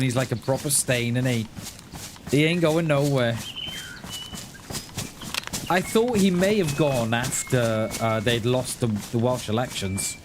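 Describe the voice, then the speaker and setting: Guy rambling on a game stream, middle pitch, keeps restarting, noisy game audio behind. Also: animated, a little slow, long pauses. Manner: rambling, thinking aloud with frequent restarts and chuckles. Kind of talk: casual live-stream chat while gaming.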